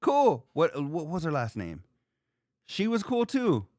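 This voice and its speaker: A man hosting a podcast in casual chat, rambling and joking in an animated way. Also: fairly high pitch, slow pace, dry recording, clean studio sound. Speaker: podcast host.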